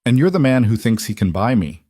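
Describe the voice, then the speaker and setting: A man's voice: mid-range voice, big pitch swings, brisk, mellow, no echo, clean studio sound. A man voicing a defiant, angry young woman who talks back sharply.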